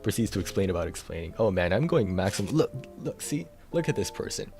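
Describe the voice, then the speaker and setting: A man's voice: lowish voice, big pitch swings, quick pace, darkish tone, faint music behind. A man chatting casually on a live stream, rambling and self-deprecating, with a tired voice.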